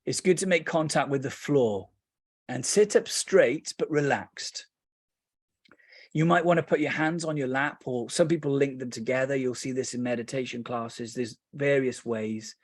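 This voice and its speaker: A man with a British accent teaching meditation, telling lively stories with playful asides, then slowing and softening into calm guidance. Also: medium pitch, dry recording, clean studio sound.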